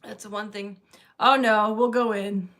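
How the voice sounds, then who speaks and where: A woman's voice: mid-range voice, steady tone, unhurried, a bit bright. A woman co-hosting a casual rockhound livestream, laughing often as she chats.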